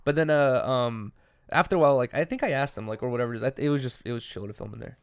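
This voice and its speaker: A young man in his twenties co-hosting a podcast, talking fast and casually, full of fillers and restarts. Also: mid-range voice, clear, resonant tone, dry recording, clean studio sound. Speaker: podcast co-host. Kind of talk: casual chat. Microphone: podcast mic.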